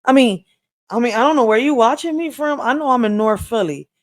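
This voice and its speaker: A reaction host, talking in a loose, profane, excitable way. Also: medium pitch, fairly quick, no echo, studio quality. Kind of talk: casual reaction commentary.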